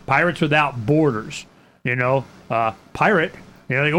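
A man's voice: on the high side, animated, moderate pace, bright, forceful tone. A man hosting a radio talk show, rambling and acting out both sides of conversations, stammering on repeated words.

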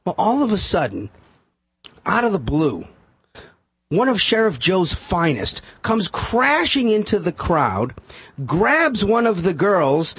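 A man's voice: high voice, slow, breathy edge, dry recording. A man telling a case story as a guest on a radio talk show, acting out the quotes. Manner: animated storyteller, acts out quotes. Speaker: defense attorney guest.

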